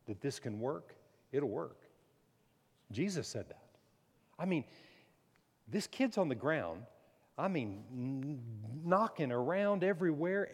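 A pastor preaching a sermon, swinging from loud emphatic peaks down to low, quiet stretches. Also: male voice, long reverb tail.

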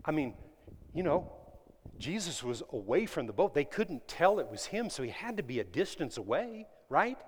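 A man preaching a sermon to his congregation, swinging between loud emphatic lines and hushed ones and asking them questions. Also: on the high side, very animated, moderate pace, slightly rough. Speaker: pastor. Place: church sanctuary. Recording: long reverb of a large hall.

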